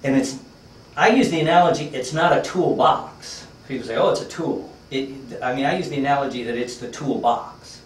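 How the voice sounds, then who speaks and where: A man's voice: mid-range voice, a little fast, far from the mic, slight background noise. Man, workshop trainer, folksy storyteller, roomy echo, faint ambience. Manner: conversational, folksy, many fillers. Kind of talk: storytelling lecture to a class.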